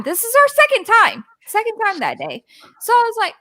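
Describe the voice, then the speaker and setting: A woman with a very high, bright voice tells a story on a podcast, animated and exasperated, now and then dropping a swear word. Her pitch jumps around a lot as she acts out what the others said. The sound is close and dry. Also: fairly quick, dry recording, low-quality recording. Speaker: podcast co-host telling a story. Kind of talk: casual storytelling chat. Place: podcast recorded live with co-hosts.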